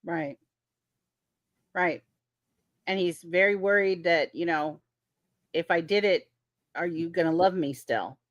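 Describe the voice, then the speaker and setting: A woman's voice: on the low side, slow pace, pauses often, no room sound. Female livestream host, casual agreeable chat, dry close recording. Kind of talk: livestream discussion.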